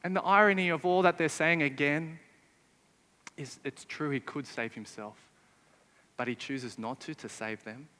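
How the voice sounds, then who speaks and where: A man's voice: a little high, moderate pace, long pauses, sharp tone, in a large hall. A man preaching a sermon, emphatic and often putting rhetorical questions to his listeners. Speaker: pastor.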